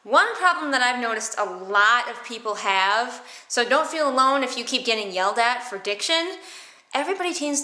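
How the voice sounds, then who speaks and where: A woman teaching theatre vocal warmups in a playful, silly way, exaggerating her mouth movements. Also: a little high, expressive, a little slow. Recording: echoey room.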